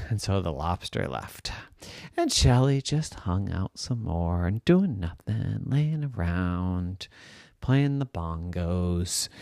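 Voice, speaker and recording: A man spinning a silly improvised bedtime story, slow and unhurried, with a lively voice that swoops up and down. His tone is smooth, the sound close and dry. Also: sits low, dry recording. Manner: playful, drawn-out, silly delivery.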